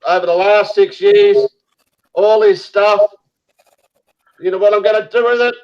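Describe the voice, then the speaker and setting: A man hosts an online group chat, ranting with heated, profane energy. His voice sits high for a man. The sound is dull and lo-fi, like a webcam mic. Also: steady tone, unhurried, clear, resonant tone. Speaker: host.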